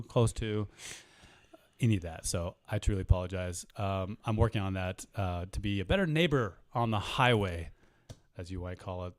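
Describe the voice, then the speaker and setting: Casting note: low-voiced male sports podcast host, earnest and mock-mournful, dry close mic. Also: no echo. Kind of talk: casual sports podcast chat.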